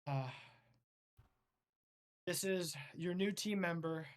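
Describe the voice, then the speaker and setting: A woman's voice: fairly low pitch, slow. A game master doing a fed-up woman director. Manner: muttering, swearing under breath. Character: weary exasperated woman director of a hero team.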